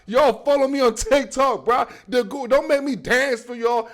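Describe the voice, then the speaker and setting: A young man with an African accent hosting a football podcast, riffing in slangy, animated casual talk and stretching words out for emphasis. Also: very high-pitched, a little slow, hardly any pauses. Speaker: podcast host.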